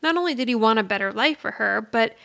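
A woman with a fairly high, slightly bright voice speaks fast and expressively, with some vocal fry. As a podcast co-host, she chattily retells a sitcom episode, quoting its characters and laughing often.

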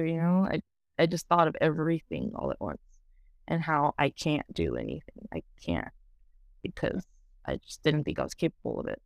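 Creaky-voiced woman telling her story. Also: low voice, huge pitch swings, normal speed, a little mellow, dry recording. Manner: rambling, full of fillers like "you know" and "like". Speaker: program client sharing her story. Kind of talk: candid personal interview.

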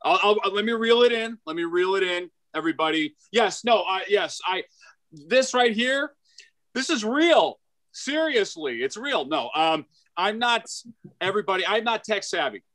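A man's voice: high-pitched, normal speed. Hyper, stammering man in his forties. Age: 40s. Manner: hyper, excitable, stammering restarts. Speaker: stand-up comedian. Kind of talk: stand-up set at an open mic. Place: comedy club stage.

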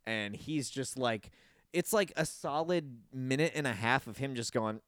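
A man hosts a casual podcast, talking in a dry, close-miked sound with no room around him. He rants animatedly, swears freely and jumps into high squeaky voices when he mimics people. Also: animated, moderate pace, fairly bright tone, clear, resonant tone, no room sound. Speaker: podcast host.

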